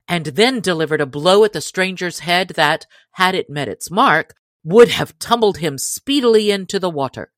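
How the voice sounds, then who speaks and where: A woman narrating an old adventure tale in a measured, expressive reading. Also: low voice, dry recording, clean studio sound. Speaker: audiobook narrator. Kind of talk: storybook reading.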